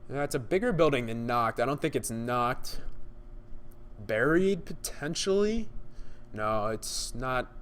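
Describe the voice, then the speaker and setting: Excited young man streaming live. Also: medium pitch, slow. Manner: excited, talks to chat viewers. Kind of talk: live-stream gaming commentary.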